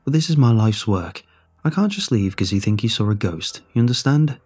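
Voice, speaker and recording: A man's voice: on the low side, expressive, brisk, darkish tone, breathy edge, soft background music. A man voicing a stubborn, skeptical male station chief in a story reading.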